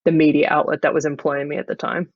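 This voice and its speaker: A performer doing an improvised in-character interview in a flat, deadpan way. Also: medium pitch, fast talker, no echo. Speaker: improv comedy guest. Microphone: video call. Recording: dull lo-fi video call audio.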